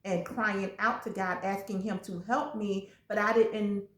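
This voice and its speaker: A woman's voice: mid-range voice, unhurried. A woman guest speaking earnestly in a casual faith talk, sharing her own story. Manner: earnest, testimonial, speeds up when excited. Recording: echoey room.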